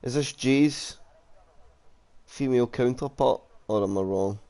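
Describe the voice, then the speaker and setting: A man's voice: mid-range voice, unhurried, dark tone. A man, commentating a sim racing league stream in a casual, jokey way, reading out chat comments and calling the grid. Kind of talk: casual live race commentary.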